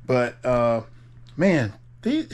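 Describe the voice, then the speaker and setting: A man's voice: mid-range voice, very animated, extremely slow, a little mellow. A man, chatting casually and laughing easily as an RV travel vlogger. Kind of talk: casual chat to camera.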